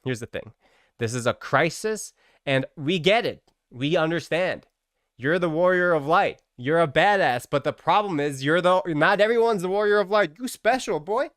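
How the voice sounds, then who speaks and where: Man doing a blunt commander, slangy and insistent, with a dry, clear voice. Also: a little high, lively intonation, normal speed, a bit bright, no echo. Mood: urgent. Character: blunt military commander, urgent and pushy.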